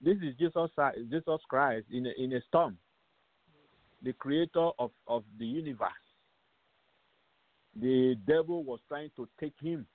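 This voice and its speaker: A man's voice: medium pitch, measured pace, pauses often, no room sound. A man hosting a radio show, preaching emphatically, repeating phrases and asking rhetorical questions. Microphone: phone call-in line. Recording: tinny, dry phone line.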